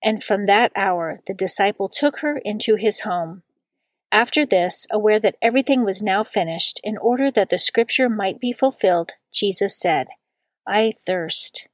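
A woman giving a steady, measured scripture reading. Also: mid-range voice, no room sound.

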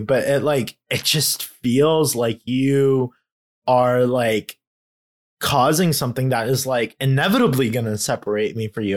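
A young man in a candid conversation about faith, talking in a halting, heartfelt way with many fillers and growing emotional. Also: mid-range voice. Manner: grows emotional while talking. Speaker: guest.

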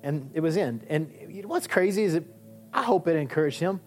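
A male pastor preaching a sermon in a conversational, animated way, with emphatic peaks. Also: a little high, brisk, soft background music.

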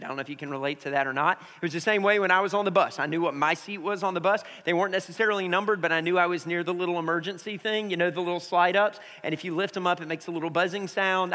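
High-voiced pastor preaching in a hall. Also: male voice, bright, forceful tone. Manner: prays then tells a family story. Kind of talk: sermon. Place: church sanctuary with congregation. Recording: reverberant church hall.

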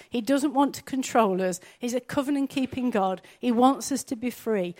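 A woman's voice: fairly high pitch, darkish tone. A woman, preaching a sermon in an earnest, conversational way, often asking her listeners questions.

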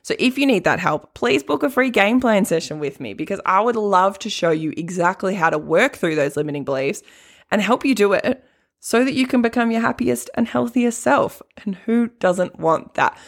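A woman coach talking through a casual podcast monologue, chatty and quick to laugh, with plenty of "like" fillers. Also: medium pitch, lively intonation.

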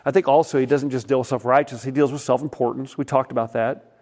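A man preaching a sermon as a pastor, retelling stories in a casual, conversational way and often dropping to a soft hush. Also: medium pitch, fairly even intonation, fast.

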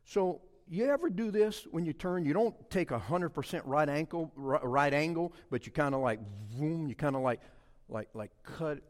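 A man's voice: fairly high pitch, moderate pace. A middle-aged man, preaching a humorous storytelling sermon and acting out his own story with mock quotes and sounds. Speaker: pastor. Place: church sanctuary. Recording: long hall reverb.

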